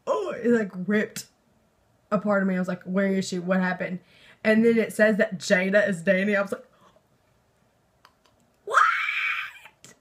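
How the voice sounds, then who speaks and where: Young woman, casual book vlogger, rambling and hyped, mid-pitched. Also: normal speed. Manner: rambling and excitable, with lots of fillers and swearing. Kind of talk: casual book review chat.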